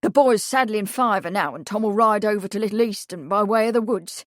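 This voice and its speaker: A woman doing a gruff old stable hand. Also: mid-range voice, normal speed, a little mellow, dry recording, clean studio sound, close to an everyday voice. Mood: gruff, urgent. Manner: gruff, respectful. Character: gruff shaggy-haired male stable servant, blunt.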